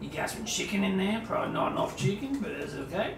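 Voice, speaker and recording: A man's voice: high voice, animated, brisk, gravelly, hardly any pauses, roomy sound, background noise. A man casually chatting on a livestream, reading out chat and cracking crude jokes while he eats. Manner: loose, crude jokey banter while eating.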